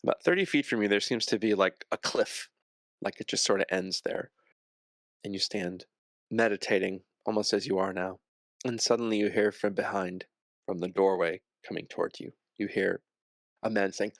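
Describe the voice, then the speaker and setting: A man narrating a tabletop game as game master, describing scenes slowly with pauses. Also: on the low side, creaky, no echo.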